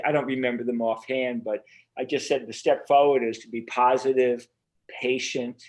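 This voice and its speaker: An earnest man speaking as the guest of a remote interview, his voice sitting at a middling pitch. He rambles, circles back and restarts his thoughts with plenty of fillers. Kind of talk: casual interview conversation.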